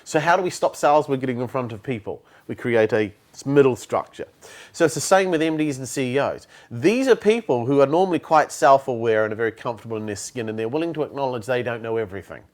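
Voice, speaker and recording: Man, sales trainer, blunt, lively pitch, interview chat. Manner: blunt, animated, acts out phone calls. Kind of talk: conversational interview.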